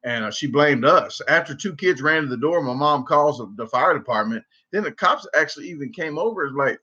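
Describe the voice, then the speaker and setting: A man's voice: mid-range voice, a little fast, few pauses. A man with a Southern US accent telling a rambling story casually on a livestream, with many restarts. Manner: rambling, repeats and restarts, animated when quoting. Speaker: livestream host. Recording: dull lo-fi livestream audio.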